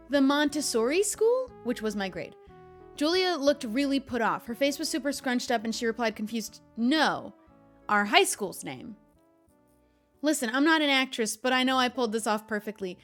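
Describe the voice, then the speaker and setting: High-voiced woman streamer reading stories. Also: a bit bright. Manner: chatty, laughing asides between reading. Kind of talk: reading stories aloud on a livestream.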